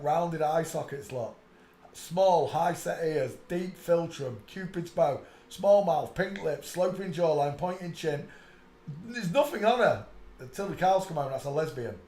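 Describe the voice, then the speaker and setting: A man's voice: unhurried, dark tone, echoey room, slight background noise. A man hosting a live stream, rambling on and muttering asides to himself. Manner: breaks into high shrieking laughter.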